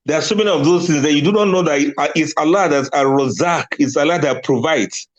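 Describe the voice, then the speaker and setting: A man's voice: a little high, fast talker, lo-fi sound. A man giving a religious talk on letting go, emphatic and often laughing at his own points. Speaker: Islamic speaker.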